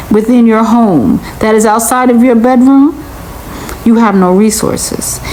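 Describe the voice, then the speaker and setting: A woman delivers a reaction commentary at an unhurried, deliberate pace. She sounds incredulous and lectures steadily, repeating her point over and over. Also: fairly high pitch, a little mellow, slight background noise, rough recording.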